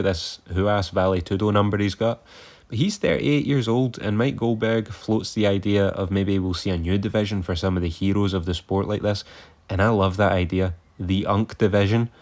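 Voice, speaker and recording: A man's voice: low voice, a little mellow. A man reviewing old fight events in a casual, sarcastic and exasperated way, swearing freely.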